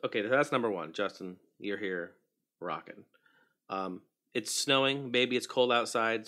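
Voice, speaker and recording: Bright-voiced man chatting on a livestream. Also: lowish voice. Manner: chatty, greets viewers by name, mutters while fixing tech. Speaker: livestream host. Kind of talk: casual livestream chat.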